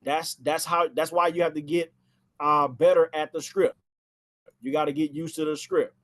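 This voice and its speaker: A man's voice: fairly high pitch, level tone, moderate pace, a bit bright. A man giving a casual spoken training on phone sales, talking from inside a house and repeating phrases for emphasis.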